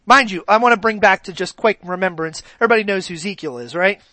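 A man's voice: sits high, fast talker, pushed and bright, dry recording. A man preaching a sermon in a conversational way, often asking his congregation questions.

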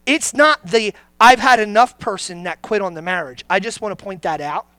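A pastor preaching a sermon in a conversational, joking way, putting questions to the congregation and dropping low and grave for serious points. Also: animated, normal speed, bright, forceful tone, no room sound.

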